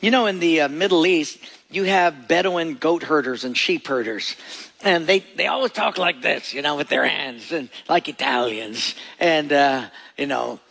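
A man's voice: on the high side, normal speed, gravelly, bright, forceful tone. A man preaching a sermon as pastor, telling stories and acting out little scenes. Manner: storytelling preacher who acts out voices and jokes.

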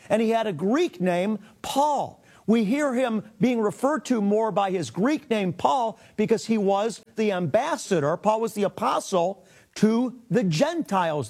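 A rabbi and Bible teacher with a high-sitting, darkish voice teaches a sermon. He reads scripture aloud and explains it with earnest emphasis.

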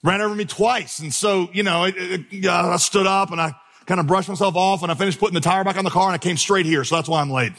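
A pastor preaches from the stage, his voice a touch higher than most men's. He drives points home by repeating words and spins lively, humorous stories. The sound trails off in the long reverb of a large hall. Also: fast. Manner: storytelling with vivid, humorous asides; emphatic repetition. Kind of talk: preached sermon. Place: church stage before a congregation.

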